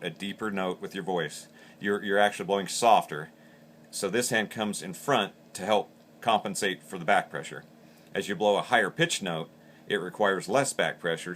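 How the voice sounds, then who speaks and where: Man, low voice, sharp bright tone, practical step-by-step instructor, faint background noise. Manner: plain, practical, explains step by step with repeated words. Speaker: call maker instructor. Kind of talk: instructional demonstration.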